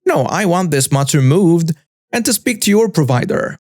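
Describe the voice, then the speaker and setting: Guy doing a shrieky demanding karen lady, nasty and loud, way up high. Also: expressive, normal speed, no room sound, clean studio sound, natural voice. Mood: hostile shrieking. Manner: screechy, hostile, demanding. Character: shrill rude entitled middle-aged woman customer.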